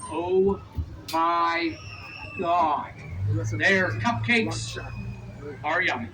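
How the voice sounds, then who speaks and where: A man working as a tour guide on an open-air tour train, giving joking commentary and teasing passengers between facts. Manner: playful, teasing passengers, quick asides. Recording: distant voice over vehicle noise. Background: vehicle rumble and street ambience.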